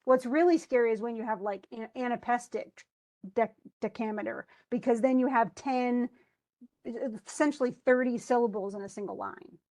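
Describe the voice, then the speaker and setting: A woman's voice: on the high side, normal speed, dark tone. Woman teaching poetic meter. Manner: reads verse aloud with stresses, tapping out rhythm syllables; thinks aloud with restarts, asks students questions. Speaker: English instructor. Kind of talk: classroom lecture on poetic meter.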